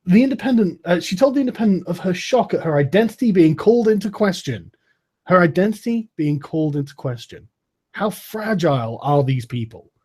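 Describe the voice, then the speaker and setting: A man's voice: sits high, lively intonation, fairly quick, a little mellow, husky. A man in casual, profane podcast chat, laughing often and mocking with sarcastic put-on quotes.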